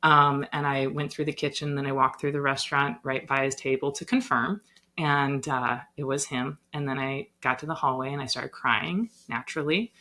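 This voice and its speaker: A young woman, a yoga teacher, telling a personal story in a casual podcast chat, animated and full of "like" and "um". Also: a bass voice, normal speed. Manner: animated, lots of "like" and "um".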